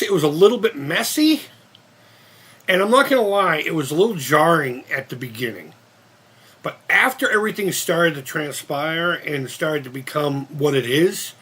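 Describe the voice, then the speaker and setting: Husky fifty-year-old man rambling. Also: on the high side, a bit bright. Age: 50s. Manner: rambling, profane, many restarts. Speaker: channel host. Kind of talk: casual live-stream chat.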